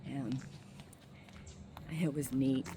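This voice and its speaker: A woman rambles along in an unhurried, low voice while walking a small-town street. She fills her talk with ums and likes, now and then dropping to a hush. The phone's mic catches her outdoors with faint ambient noise behind her. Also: little pitch movement. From Maine. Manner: rambling, filler-heavy, sometimes hushed. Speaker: vlogger. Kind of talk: casual walking vlog.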